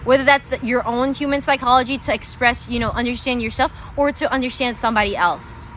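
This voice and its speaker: A woman's voice: a little high, fairly quick, a bit bright, slight background noise. A young woman giving live-stream tarot readings, chatty and casual, swearing freely and calling her viewers guys and babe. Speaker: tarot reader.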